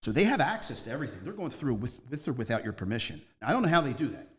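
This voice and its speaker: A man, speaking at a mid-range pitch for a man. He tells his story as a guest in a loose, rambling way, leaning hard on key words and hopping from one anecdote to the next. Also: big pitch swings, racing, a bit bright. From Northeast Philadelphia. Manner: rambling, emphatic, jumps between stories. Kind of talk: casual storytelling interview.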